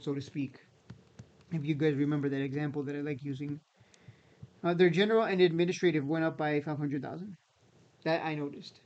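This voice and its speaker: A man's voice: a little high, a little mellow, lo-fi sound. Skeptical man, slightly raised voice. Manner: conversational, repeats himself, skeptical asides. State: voice strained, near losing it. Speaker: stock market YouTuber. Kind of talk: casual commentary.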